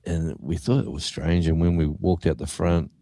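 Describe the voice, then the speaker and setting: A man's voice: sits low, moderate pace, dry recording. An Australian man, a guest musician, telling a story in casual chat and acting out what people said. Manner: animated storyteller acting out quotes.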